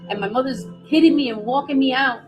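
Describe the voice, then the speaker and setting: A woman's voice: high-pitched, dull audio. Candid middle-aged woman, music behind. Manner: candid, halting, with many restarts. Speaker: guest. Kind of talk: personal testimony in conversation.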